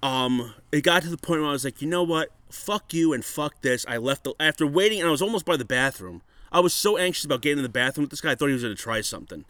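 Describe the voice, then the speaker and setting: A man telling a bar story in casual chat, profane and animated, acting out what people said. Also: medium pitch, very fast, dry recording.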